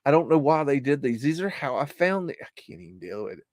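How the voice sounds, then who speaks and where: A man in the middle of his pitch range, rambling through a live commentary in a hesitant, easily rattled way. He trails off, restarts and mutters curses under his breath. His voice is close and dry, with no room echo. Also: big pitch swings, quick pace. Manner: swearing, muttered exclamations. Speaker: livestream host. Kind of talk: live commentary on archive photos.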